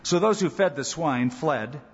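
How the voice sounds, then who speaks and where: A man preaching a sermon as pastor, animated, acting out quoted voices. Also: a little slow, husky. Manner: animated, acts out quoted voices with rising pitch. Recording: dull church recording with long reverb.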